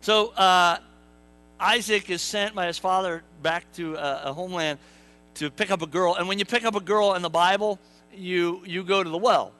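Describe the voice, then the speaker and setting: A man's voice: sits high, steady tone, normal speed, pushed and bright, faint music behind, poor audio. A male pastor preaching a sermon in a church, conversational and joking, talking to the congregation and acting out quotes in playful voices. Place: church sanctuary.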